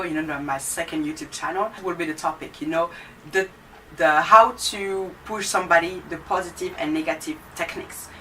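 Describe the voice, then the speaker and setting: A woman's voice: lowish voice, bright, forceful tone. Young woman, student vlogger, blunt heated rant, casual chat, slightly distant mic, faint background hiss.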